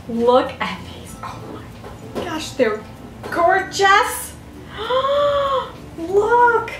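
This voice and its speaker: An older woman, chatting to camera as a vlogger opening fan mail, gasping and gushing with excitement. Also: very high voice, very slow, pauses often, over music. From Southern United States. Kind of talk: casual chat to camera. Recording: echoey room, mic a bit far off.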